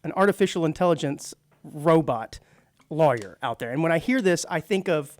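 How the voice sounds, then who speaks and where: A man's voice: fairly high pitch, lively intonation, normal speed, no room sound. A man co-hosting a radio talk show in casual chat, chatty and laughing often, with frequent restarts.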